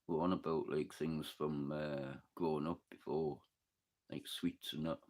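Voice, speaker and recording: A man's voice: very deep voice, fairly even intonation, unhurried, darkish tone. A man with a northeast English accent chatting casually with his live audience, joking and swearing as he rambles between topics. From northeast England. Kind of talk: casual chat reading live comments.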